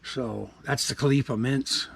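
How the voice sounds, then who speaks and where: A man's voice: medium pitch, fairly even intonation, unhurried, creaky, breathy edge. A man, rambling casually to camera in a laid-back vlog chat. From Canada. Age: 60s. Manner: rambling, laid-back, frequent fillers and asides. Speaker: vlogger.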